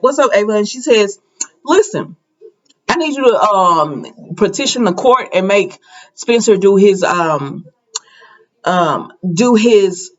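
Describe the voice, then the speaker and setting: Chatty woman recapping a soap episode. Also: dull audio. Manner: chatty, acts out characters' lines with raised pitch. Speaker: soap opera recap host.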